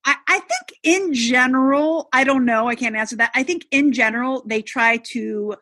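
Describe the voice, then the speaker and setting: Woman, bright tone, slightly high, dry close mic, chatty podcast co-host. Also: normal speed, no echo. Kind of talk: casual chat.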